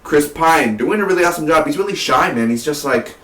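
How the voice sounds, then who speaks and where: A man's voice: on the high side, expressive, a little fast, fairly bright tone. Rambling man, roomy and distant. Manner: rambling, fillers, keeps saying "man". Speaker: movie reviewer. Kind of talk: casual vlog movie review.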